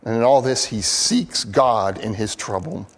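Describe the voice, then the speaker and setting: Male preacher, earnest sermon delivery, slow and deliberate, lively pitch swings. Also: long reverb tail. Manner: earnest, expressive, acts out quoted pleas. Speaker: pastor.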